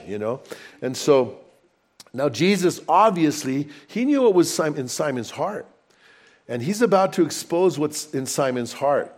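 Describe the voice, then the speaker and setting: A man preaching a sermon in a conversational, storytelling way with animated asides. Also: on the high side, moderate pace. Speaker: pastor.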